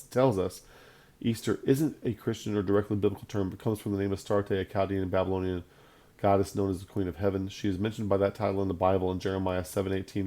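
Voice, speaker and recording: A man's voice: low-pitched, warm tone. A man teaching a Bible lesson on video in an emphatic, conversational way, often repeating his points for stress.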